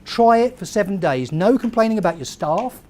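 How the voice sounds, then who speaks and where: Animated man giving a keynote. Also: high voice, a little fast. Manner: animated storyteller, quizzes the crowd. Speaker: keynote speaker. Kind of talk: motivational talk to a live audience.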